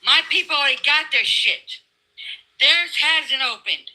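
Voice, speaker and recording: A woman's voice: high-pitched, lively intonation, measured pace, sharp tone, low-quality recording. Heated profane woman ranting. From California. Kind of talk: heated political argument.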